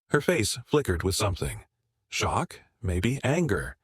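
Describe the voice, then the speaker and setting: A man narrating a first-person drama story in a steady, measured way. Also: fairly low pitch, husky, dry recording, clean studio sound.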